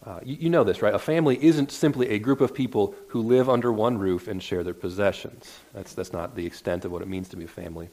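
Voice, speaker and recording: A man's voice: fairly low pitch, fast talker, few pauses, darkish tone. Earnest male pastor preaching conversationally. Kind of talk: sermon. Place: church sanctuary.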